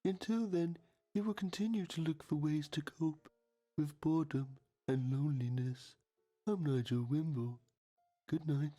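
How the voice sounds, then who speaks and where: An actor playing a solemn male TV documentary narrator, deadpan and grave. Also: on the high side, a little slow, soft background music.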